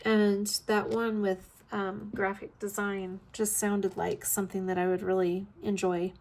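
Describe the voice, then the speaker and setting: A woman's voice: medium pitch, little pitch movement, a little slow, a little mellow. Tired, chatty woman in her fifties. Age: 50s. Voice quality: scratchy throat. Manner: rambling, chatty, with frequent ums and yawns. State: tired, yawning. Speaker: vlog host. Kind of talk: casual chat while crafting.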